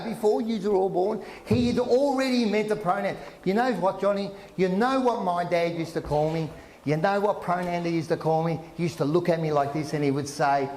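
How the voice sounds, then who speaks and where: A man doing brash stand-up comedy at a live function, teasing the crowd with loud outbursts. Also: high voice, noisy background. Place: function room with a live audience. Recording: echoey room with audience.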